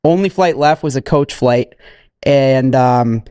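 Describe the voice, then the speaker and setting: A young man talking casually on a podcast in a halting, repetitive way, restarting his sentences often. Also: medium pitch, warm tone, smooth, dry recording, clean studio sound. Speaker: podcast guest.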